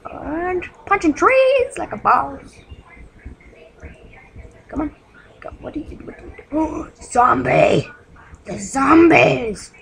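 A woman giving casual gameplay commentary at home, excitable and jittery, yelling insults at game monsters. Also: high-pitched, takes it slowly, gravelly, pauses often, low-quality recording. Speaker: gaming channel host.

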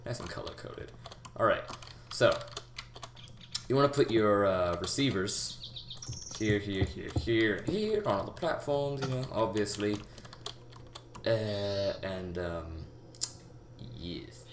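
A young man giving a rambling, halting game tutorial, full of fillers and restarts, talking as if out of breath. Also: lowish voice, animated. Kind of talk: casual gameplay tutorial. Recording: echoey room with loud background noise. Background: keyboard typing and mouse clicks.

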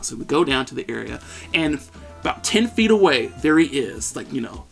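Podcast co-host, man in his thirties, excitable storyteller, slightly high voice. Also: normal speed, vocal fry, faint music behind. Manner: animated, excitable, shouts at peaks. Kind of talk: casual storytelling chat.

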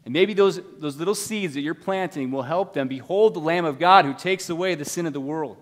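A man's voice: on the high side, a little fast. Impassioned male preacher in reverberant hall. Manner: impassioned preaching, swings from loud urging to hushed. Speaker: pastor. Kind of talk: sermon. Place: church sanctuary.

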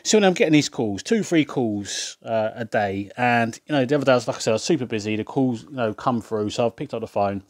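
A man telling a casual anecdote, animated, laughing often and swearing mildly. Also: mid-range voice, fast, few pauses. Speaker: vlogger.

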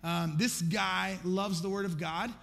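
A man's voice: high-pitched, steady tone, unhurried, gravelly, fairly bright tone. A middle-aged man preaching a sermon as pastor, talking conversationally and acting out his own distracted prayers with self-deprecating humor. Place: large church auditorium. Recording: echoey church hall reverb.

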